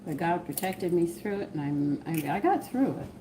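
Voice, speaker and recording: A woman's voice: lowish voice, animated, normal speed, heavy background noise. A woman with a Southern US accent hosting a casual home cooking live stream, wandering off into personal stories as she cooks. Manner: rambling, drifts into personal stories while cooking. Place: home kitchen. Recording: kitchen clatter of dishes and cutlery.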